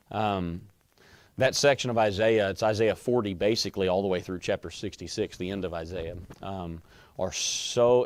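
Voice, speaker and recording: A man's voice: on the low side, no echo. A man teaching a Bible class in a conversational way, often quizzing his students.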